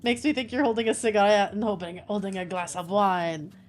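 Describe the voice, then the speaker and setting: A woman's voice: medium pitch, steady tone, brisk. Playful woman streamer, faint hiss. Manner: playful, flirty, talks to chat. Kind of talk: gameplay commentary.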